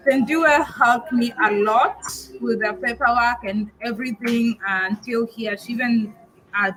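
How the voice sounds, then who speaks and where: Female host from Kenya, frank live-chat delivery, higher pitch, faint noise floor. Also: a bit bright, low-quality recording. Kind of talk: casual live-stream conversation.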